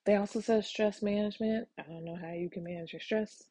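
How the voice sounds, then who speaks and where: Woman, podcast host, casual solo chat, frank, lots of ums, breathy tone, dry sound. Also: medium pitch, steady tone, a little fast, mellow, dry recording. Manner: candid and frank, frequent ums, casual swearing.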